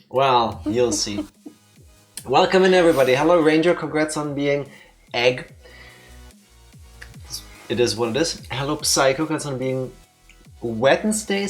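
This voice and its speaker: A man hosts a live game stream, rambling and teasing his co-host in casual chat. His voice sits at an ordinary middle pitch. Faint music plays underneath. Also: animated, takes it slowly, pauses often. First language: German.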